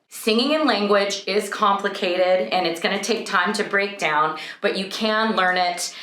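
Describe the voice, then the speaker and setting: A young woman vocal coach teaching a singing lesson, explaining clearly and breaking into sung vowel demonstrations. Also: medium pitch, fairly bright tone, echoey room.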